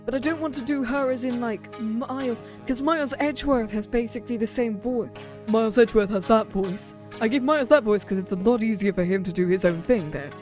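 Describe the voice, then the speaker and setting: A British woman in her twenties chats casually through a game stream, joking and voicing the dialogue. Her voice sits a little high, with faint music under it. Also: brisk, darkish tone. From Britain. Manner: chatty, joking, reads game lines in voices. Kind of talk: casual gameplay chat, reading dialogue aloud.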